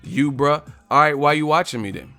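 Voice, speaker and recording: A man's voice: a little high, fairly quick, vocal fry, sharp tone, faint music behind. A man hosting a live stream, confrontational and profane as he roasts the commenters in his chat. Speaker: livestream host.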